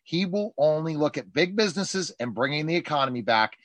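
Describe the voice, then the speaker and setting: Host, male, high lively voice, dry close sound, emphatic political talk. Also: fairly quick, no echo. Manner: emphatic, animated, mimics politicians in quoted asides. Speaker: show host and journalist. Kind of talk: political talk show discussion.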